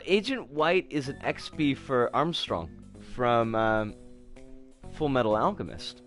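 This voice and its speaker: A man's voice: medium pitch, takes it slowly, soft background music. A man joking casually with friends while they voice a game's dialogue. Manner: joking, lively banter. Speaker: streamer voicing game dialogue with friends. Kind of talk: casual group chat over a game.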